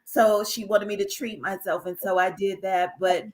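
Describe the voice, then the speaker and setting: A woman, a podcast guest telling a personal story in an animated way, often repeating herself and speaking straight to listeners. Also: mid-range voice, moderate pace, poor audio. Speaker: guest, author. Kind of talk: casual interview storytelling.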